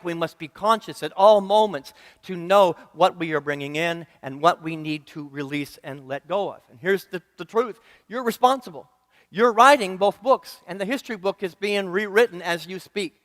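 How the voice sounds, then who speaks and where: Male preacher, earnest and repetitive, quizzes his congregation; high voice in a reverberant church. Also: normal speed, fairly bright tone. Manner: earnest, rhythmic repetition, asks the congregation questions. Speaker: minister. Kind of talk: sermon. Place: church sanctuary.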